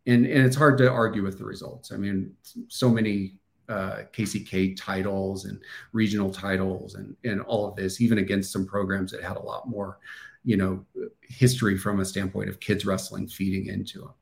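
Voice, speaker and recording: A middle-aged man with a Midwestern American accent, talking casually as an interview guest, thoughtful and halting, with restarts and fillers. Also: on the low side, little pitch movement, vocal fry. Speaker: podcast guest, former wrestler.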